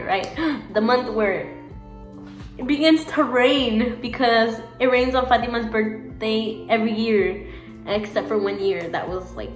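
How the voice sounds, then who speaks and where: A woman's voice: on the high side, a little slow, roomy sound, soft background music. A woman vlogger chatting casually to camera, rambling with many fillers, giggling and correcting herself as she goes.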